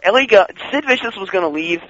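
Excitable man telling stories on lo-fi radio. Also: high voice, fast, dry recording. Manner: excitable, acts out quoted voices, laughs while telling. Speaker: wrestling fan guest. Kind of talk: casual chat, animated storytelling. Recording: dull lo-fi radio sound.

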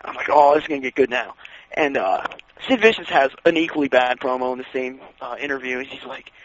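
A man in casual chat, excitedly telling wrestling stories and acting out what others said. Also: mid-range voice, fast. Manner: excitable, acts out quoted voices, laughs while telling. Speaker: wrestling fan guest. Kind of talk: casual chat, animated storytelling. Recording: dull lo-fi radio sound.

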